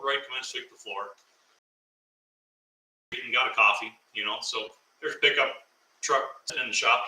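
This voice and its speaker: A man telling a workplace prank story in casual chat, animated and laughing as he goes. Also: medium pitch. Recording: echoey room, mic at a distance.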